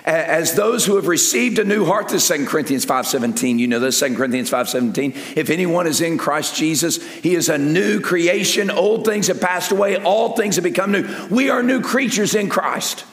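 An older man preaching a sermon as pastor, rising to loud peaks and dropping to soft asides. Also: a little high, brisk, hardly any pauses. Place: large church sanctuary with long reverb. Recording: echoey hall with long reverb.

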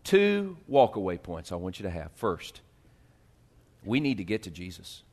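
A male pastor preaching a sermon, swinging from hushed, slow lines to loud, rising appeals. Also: sits low, huge pitch swings.

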